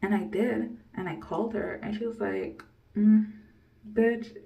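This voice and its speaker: A woman's voice: medium pitch, steady tone, moderate pace, creaky, phone-quality sound. A young woman in her early twenties vlogging candidly, rambling and blunt, cursing without a second thought. Her voice sits a touch away from the microphone, so it sounds slightly distant. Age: early 20s. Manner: blunt, rambling, swears freely, laughs often. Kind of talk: candid personal storytelling to camera.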